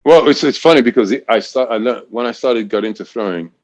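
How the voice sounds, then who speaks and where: A man's voice: mid-range voice, fast talker, a little mellow. A man in his sixties from Great Britain, a college throws coach telling stories in a casual interview, rambling with frequent restarts.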